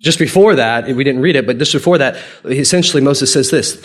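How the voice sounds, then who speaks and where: Animated conversational male pastor. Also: brisk, hardly any pauses. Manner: animated, acts out quoted dialogue with big pitch jumps; conversational, playful, chuckles often. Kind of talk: sermon.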